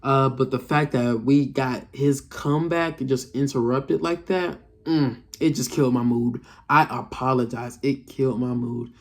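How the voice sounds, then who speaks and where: A man's voice: medium pitch, measured pace, few pauses. Young male reviewer, frustrated off-the-cuff rant full of slang and swearing. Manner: frustrated, slangy, profane, repeats himself. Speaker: race reviewer. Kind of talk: casual rant to camera.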